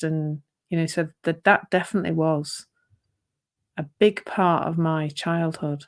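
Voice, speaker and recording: A woman's voice: low-pitched, steady tone, a little slow. A woman co-hosting a podcast, musing aloud in a thoughtful, rambling way and laughing easily. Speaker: podcast co-host. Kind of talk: casual reflective conversation.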